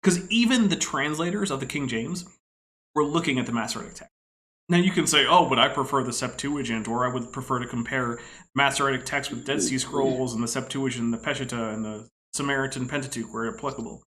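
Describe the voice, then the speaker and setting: Bright, talkative male commentator. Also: medium pitch, brisk, poor audio. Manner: analytical, talks at length with asides. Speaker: podcast co-host. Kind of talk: casual commentary on clips.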